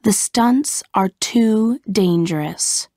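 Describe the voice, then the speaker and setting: A woman's voice: medium pitch, slow pace, mellow, no echo, studio quality. A woman voicing an adult male film director, calling out instructions in a lifted, emphatic voice. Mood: friendly.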